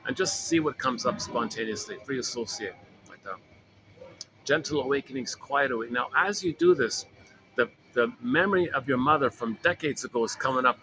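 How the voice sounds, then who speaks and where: A man's voice: mid-range voice, normal speed, pushed and bright, a little hiss or hum, poor audio. A man casually coaching a self-help group, rambling and repeating himself as he explains an exercise. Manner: rambling, repeats words and restarts phrases.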